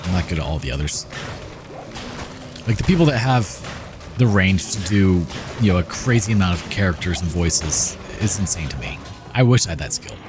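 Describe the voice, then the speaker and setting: A man hosting a gaming channel, chatting in a relaxed, rambling way as he comments over gameplay. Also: low voice, normal speed. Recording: game music playing behind. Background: game music.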